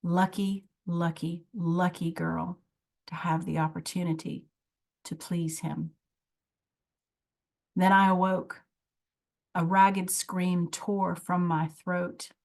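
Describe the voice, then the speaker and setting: A woman performing her own spoken word poem at an online open mic, reading slowly and dramatically. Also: fairly low pitch, little pitch movement, gravelly. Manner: slow, dramatic recitation.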